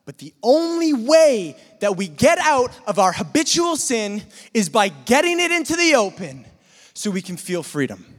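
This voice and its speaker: A man telling a lively personal story in a sermon, sometimes imitating gunfire and shouting. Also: extremely high pitch, normal speed. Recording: long reverb of a hall.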